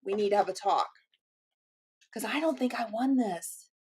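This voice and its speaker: A woman's voice: medium pitch, lively intonation, moderate pace, a little mellow, breathy edge. A woman in the middle of her range, chatting casually at home as she unboxes gifts for her viewers. She gushes freely, gasping and laughing between exclamations. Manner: chatty and gushing, with gasps, laughs and "oh my gosh". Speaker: channel host.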